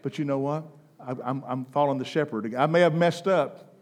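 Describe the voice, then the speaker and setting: A man preaching a sermon, impassioned, swinging between loud, soaring declarations and hushed, intense passages. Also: medium pitch, a little fast. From United States.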